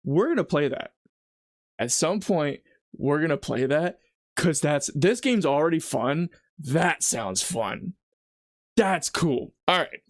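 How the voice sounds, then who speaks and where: A chatty man hosts a casual live stream from his home kitchen, rambling on to his viewers as he gets on with the cooking. His voice sits a bit high for a man and comes across lightly. The sound is dry and close, with almost no room echo. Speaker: livestreamer.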